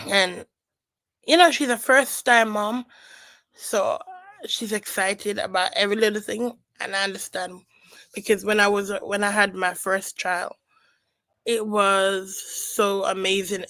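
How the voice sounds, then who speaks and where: A woman hosts a casual reaction stream, commenting and reading viewer remarks. She talks slowly, with a gravelly, fry-laden voice. The sound is dry and close. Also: medium pitch, sharp tone, no echo, low-quality recording. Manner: chatty, reads out viewer comments.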